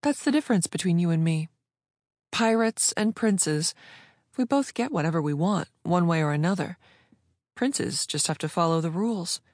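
A woman's voice: on the low side, lively intonation, normal speed, darkish tone, no room sound, studio quality. A woman voicing an impish, bold female pirate who taunts and coaxes with playful confidence. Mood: teasing. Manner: taunting, coaxing.

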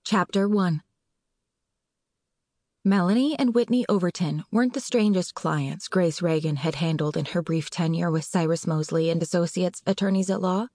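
A woman narrator reading an audiobook in a measured, clear way. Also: fairly low pitch, mellow, no echo. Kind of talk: scripted narration.

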